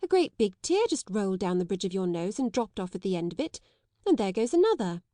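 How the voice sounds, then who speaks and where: A woman's voice: mid-range voice, big pitch swings, fairly quick, mellow, no room sound, clean studio sound, close to an everyday voice. A woman voicing a curious, blunt schoolgirl who teases a crying classmate. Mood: prying.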